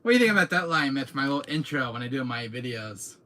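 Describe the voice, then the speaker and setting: A man hosting his own channel, chatting casually to viewers in an excitable, rambling way, often laughing and repeating himself. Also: medium pitch, quick pace, hardly any pauses, a little hiss or hum. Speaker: channel host. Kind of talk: casual vlog chat to viewers. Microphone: camera mic, seated in chair.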